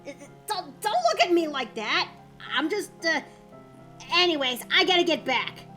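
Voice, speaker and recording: A woman's voice: very high voice, animated, moderate pace, sharp tone, soft background music, full character voice. A woman voicing a shy, flustered young male catboy waiter who stammers as he hands over cookies. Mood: bashful. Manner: stammering, bashful.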